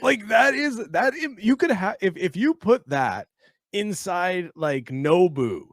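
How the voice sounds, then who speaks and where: A man with a slightly high voice riffs on a video in crude, joking commentary. He often breaks into mocking impressions of the people in it. The sound is dry, close and free of room echo. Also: lively intonation, slow. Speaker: podcast co-host. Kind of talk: casual comedic commentary over a video.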